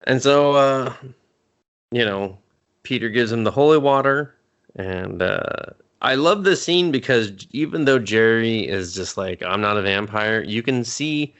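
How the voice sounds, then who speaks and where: A man co-hosting a casual movie review podcast, swearing freely and acting out the characters' lines in quick impressions. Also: mid-range voice, animated, a bit bright, clear, resonant tone. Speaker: podcast co-host.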